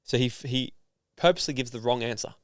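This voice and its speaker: A man from Australia talks casually as a podcast guest, telling a long story with lots of energy. He slips into the voices of the people he describes. His voice sits at a middle pitch and is recorded close and dry. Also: quick pace, no echo. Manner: animated, acts out voices in his stories. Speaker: guest, personal development founder.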